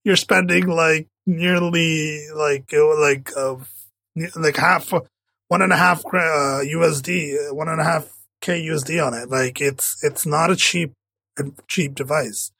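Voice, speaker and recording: A man chatting casually as co-host of a tech podcast, rambling and restarting his sentences. His voice is gravelly and a bit husky, pitched fairly high. The sound is close and dry. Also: steady tone, unhurried, pushed and bright, no room sound. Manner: rambling, many fillers and restarts.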